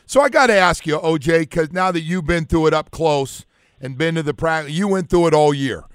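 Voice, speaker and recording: Sports radio host, slightly high voice, smooth and dry, lively questioner. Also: male voice, fairly quick, dry recording. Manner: lively, asks long questions. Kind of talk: casual sports chat.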